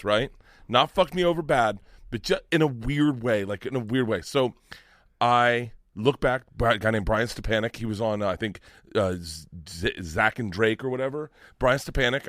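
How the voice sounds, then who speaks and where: A middle-aged man telling a long story in casual chat, animated, swearing and laughing as he goes. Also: lowish voice, no room sound, clean studio sound. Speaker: comedian podcast guest.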